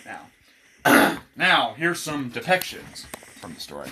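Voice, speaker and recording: A man casually reading his own dark comic aloud, irreverent and swearing, chuckling between lines. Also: mid-range voice, huge pitch swings, slow, breathy edge.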